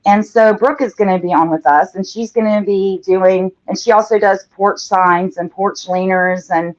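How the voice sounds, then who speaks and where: A woman's voice: mid-range voice, steady tone, moderate pace, a little mellow. A woman hosts a live painting show, chatting casually and reading out viewer comments as she works. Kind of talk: casual livestream chat while painting. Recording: dull lo-fi livestream audio.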